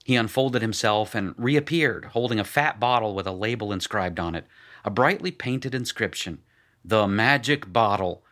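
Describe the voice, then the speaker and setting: Low-voiced man reading a story. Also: a bit bright. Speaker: narrator. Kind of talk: first-person story reading.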